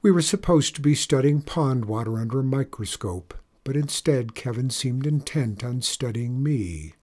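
A man's voice: mid-range voice, animated, normal speed, a little mellow. A man giving wry first-person audiobook narration.

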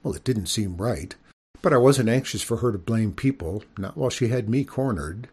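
Husky man reading a folksy story. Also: lowish voice, lively intonation, normal speed, darkish tone. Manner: folksy rural speech, yes'm and reckon. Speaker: audiobook reader. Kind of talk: first-person storybook narration as a farm boy.

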